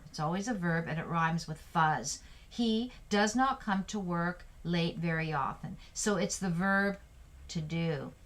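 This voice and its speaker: A woman with a somewhat low voice teaches English vocabulary. She spells words out letter by letter and gives an example sentence for each. She sounds like a middle-aged teacher walking a class through a lesson.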